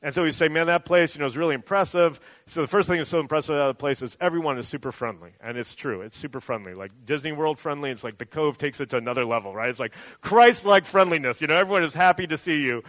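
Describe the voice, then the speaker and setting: A man's voice: fairly high pitch, lively intonation, quick pace, few pauses, fairly bright tone, no room sound. Conversational male pastor preaching in a dry room. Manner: conversational, often adds "right?". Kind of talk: sermon.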